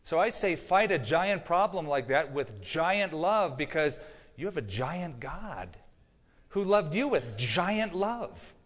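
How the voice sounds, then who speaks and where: A middle-aged man preaching a sermon as pastor, telling a personal story earnestly and moving between quiet, confiding lines and emphatic ones. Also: a little high, very animated, slow pace. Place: church sanctuary. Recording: long church hall reverb.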